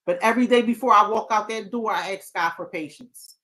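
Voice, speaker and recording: A woman's voice: mid-range voice, a little fast, sharp tone. Earnest woman therapist hosting a talk show. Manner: earnest, repetitive restarts, bursts of laughter. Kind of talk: casual heartfelt talk.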